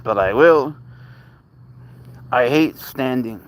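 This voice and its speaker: A man hosts a casual live stream at a mid pitch, rambling through his stories the way he would with a friend. Between the stories he slips into soft baby talk for his cat. The tone stays easygoing and unscripted. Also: slow. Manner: rambling, conversational storytelling. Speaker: livestream host and pet owner; teacher.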